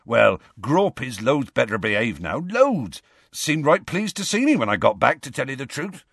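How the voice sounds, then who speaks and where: A man voicing a huge, gruff, kindly half-giant gamekeeper who turns soft and hushed in sad moments. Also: mid-range voice, sing-song, moderate pace, dry recording, clean studio sound, pitched above the performer's own voice, full character voice. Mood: rambling.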